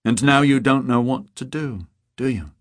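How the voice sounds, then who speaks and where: Man voicing calm young woman, steady, almost warm, audiobook, dry close sound. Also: mid-range voice, moderate pace, dry recording, voice pushed up, lightly acted.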